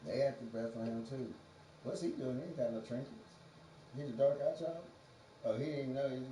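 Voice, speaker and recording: On a livestream, a man with a medium-pitched, mellow voice talks fairly quickly, rambling through a profane, free-associating monologue and laughing often. He is the host, and the audio sounds roomy and distant from the mic, with faint background noise.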